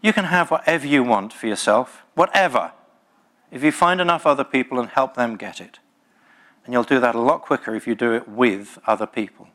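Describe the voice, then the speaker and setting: A man's voice: mid-range voice, brisk, a bit bright. A man giving a live talk at a tech conference, passionate and emphatic, with playful jokes to the room. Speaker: conference speaker.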